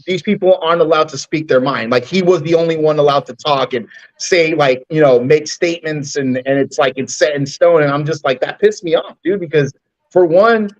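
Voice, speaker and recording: A man's voice: on the high side, brisk, muffled recording. A man in a casual group call, telling a story animatedly and imitating the people involved. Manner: animated storytelling, mimics others. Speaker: regular caller in a live chat.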